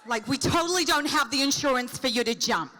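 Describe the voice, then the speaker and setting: A woman's voice: high voice, a little fast, bright, forceful tone. A woman on a convention stage speaking into a handheld microphone. She trades playful, teasing jokes with a live audience during a Q&A. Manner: teasing, playful comic patter. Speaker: celebrity convention guest.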